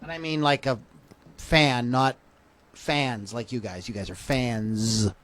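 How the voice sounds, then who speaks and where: Taking it slowly, a man with a mid-range, slightly bright voice and fairly even intonation hosts a rock podcast livestream from a home studio with a fan running. He chats casually, joking, rambling and stopping to correct himself.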